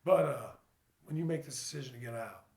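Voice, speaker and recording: Blunt, gravelly-voiced man in an echoey room. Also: mid-range voice, a little mellow. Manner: blunt, earnest, swears freely; halting, full of fillers and restarts. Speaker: father sharing his recovery story. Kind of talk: casual personal vlog monologue.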